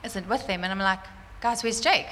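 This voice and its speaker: A woman telling a church congregation a personal testimony, animated and fervent, laughing often. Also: medium pitch, moderate pace, slight background noise. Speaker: church speaker sharing a testimony. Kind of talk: sermon testimony. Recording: roomy church hall reverb, faint ambience.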